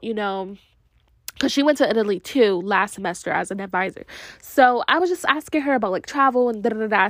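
A woman's voice: a little high, dry recording, studio quality. Chatty young woman telling a story. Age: young adult. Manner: chatty, full of "like" fillers, animated quoted dialogue. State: tired. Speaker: vlogger. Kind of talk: casual storytelling vlog.

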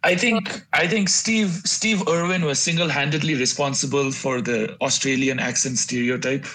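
A man's voice: medium pitch, fairly even intonation, moderate pace, pushed and bright. A man in a casual chat, wry and opinionated.

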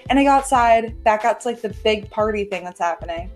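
A young woman co-hosting a podcast, casually retelling a long dream, full of "like" and quick asides. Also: mid-range voice, soft background music. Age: young adult. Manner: rambling storytelling with many "like"s. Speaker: podcast co-host. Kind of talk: casual chat.

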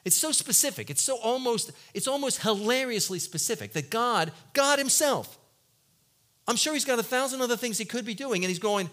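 A male pastor preaching a sermon who acts out voices from the story and swings from loud outbursts to hushed, low lines. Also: a little fast. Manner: animated, acts out voices of biblical figures and God; swings between loud exclaims and quiet, low-voiced asides.

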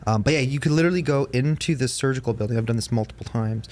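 A man's voice: mid-range voice, very fast, a little mellow, slight background noise. A man hosting a podcast, telling a long ghost story in casual chat, full of fillers and restarts. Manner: rambling, lots of fillers and restarts. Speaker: podcast host.

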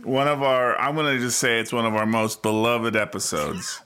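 A man co-hosting a podcast, talking in a wry, deadpan, casual way. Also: mid-range voice, normal speed, slight background noise. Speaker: podcast co-host. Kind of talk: casual banter.

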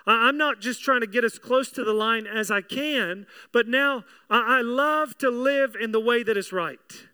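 A man's voice: extremely high pitch, moderate pace, few pauses, pushed and bright, clear, resonant tone. A man preaching a sermon, earnest and conversational, often repeating his words and putting questions to the congregation. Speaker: pastor.

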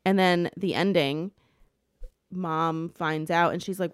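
A woman co-hosting a casual chat, retelling a book plot as an animated rant that is full of swearing. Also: fairly low pitch, slow, clean tone, no room sound, studio quality. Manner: animated ranting storyteller, swears freely.

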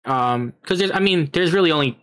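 A man's voice: a little fast, fairly bright tone, clear, resonant tone. A man co-hosting a casual podcast, talking in hesitant bursts with lots of likes and ums. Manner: hesitant, many fillers and restarts, mid-pitched. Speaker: podcast co-host.

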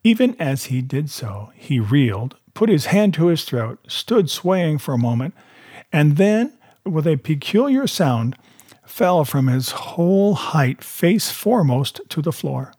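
Husky-voiced man narrating a novel with steady, measured delivery. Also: on the high side, dry recording, clean studio sound. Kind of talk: reading a novel aloud.

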